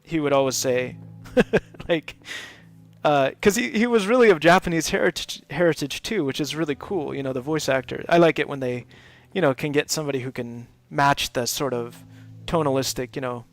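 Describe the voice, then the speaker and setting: A man's voice: on the high side, normal speed, no room sound, soft background music. A man chatting casually while streaming a building game, laughing often and filling his talk with lots of ums. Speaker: live gaming streamer.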